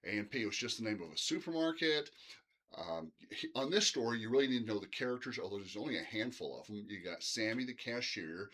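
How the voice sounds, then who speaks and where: A man's voice: lowish voice, expressive, brisk, fairly bright tone. A middle-aged man teaching literature in a casual, rambling recorded lecture, full of fillers like "uh" and "um".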